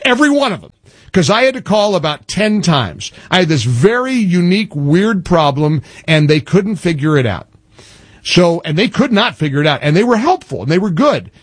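Talk radio host, male, emphatic, husky higher voice, dry studio sound. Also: normal speed, dry recording. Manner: animated, emphatic, frequent restarts. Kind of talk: political talk radio chat.

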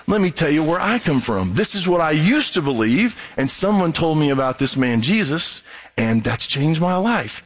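A middle-aged male pastor preaching a sermon in a conversational way, breaking into other voices when he quotes people. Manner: conversational, acts out quoted voices in a raised pitch.

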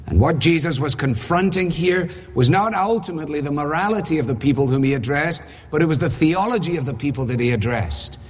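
Emphatic preacher with a husky voice. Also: male voice, fairly high pitch, animated, brisk, few pauses. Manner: emphatic, rhetorical questions, dry humor. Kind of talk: sermon. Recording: husky voice in reverberant hall.

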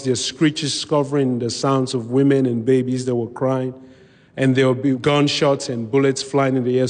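A man recounting his own past in a measured, vivid way, pausing now and then to restart a phrase. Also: mid-range voice, a little mellow. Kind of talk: personal storytelling talk. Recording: long hall reverb.

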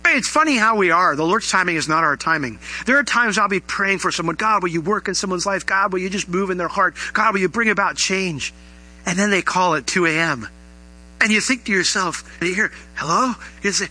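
A man's voice: high-pitched, big pitch swings, normal speed, sharp tone, low-quality recording. A man preaching a sermon to his congregation in an earnest, conversational way, asking the listeners rhetorical questions. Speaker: pastor.

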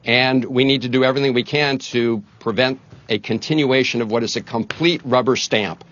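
A man speaking as a senator in a live TV news interview, talking emphatically with frequent fillers and building to forceful points. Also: mid-range voice, fairly even intonation, moderate pace. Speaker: senator guest. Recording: dull lo-fi broadcast audio.

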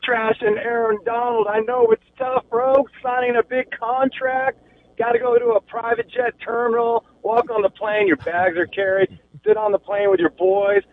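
A man's voice: extremely high pitch, fairly even intonation, normal speed. A man calling in to a sports radio show, sarcastically complaining about a player. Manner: sarcastic, mimicking. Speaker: caller. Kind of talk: call-in rant. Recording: tinny phone line with faint noise.

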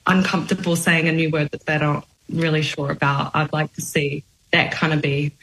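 A woman with a fairly low voice talks as a guest in a relaxed interview. She is reflective and halting, and she restarts her sentences. Her voice carries a roomy echo. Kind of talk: casual interview conversation.

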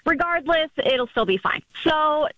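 A young woman calling in to a radio show, telling a story in a chatty, animated way and acting out the quotes. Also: a little high, normal speed, dry recording. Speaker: caller. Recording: lo-fi phone line.

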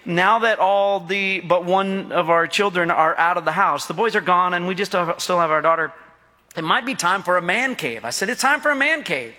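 In an echoey hall, a middle-aged pastor preaches at a moderate pace, his voice sitting high and sounding pushed and bright. He jokes with listeners and asks them for responses.

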